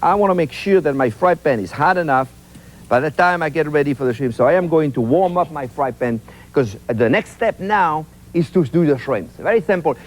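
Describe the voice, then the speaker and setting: A man's voice: a little high, animated, a little fast. A man hosting a TV cooking show, chatty and enthusiastic as he demonstrates a recipe and repeats words for emphasis. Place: TV studio kitchen.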